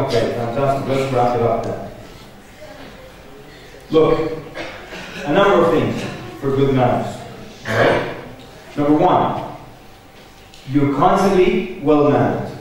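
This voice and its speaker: A man delivers a religious lecture at a conference, mixing jokes into his points and checking in with the crowd as he goes. His voice sits a little high for a man. It comes across from far off, washed in heavy hall echo, with faint background noise. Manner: joking, conversational, addresses audience directly. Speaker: conference speaker. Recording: echoey hall, picked up from far off.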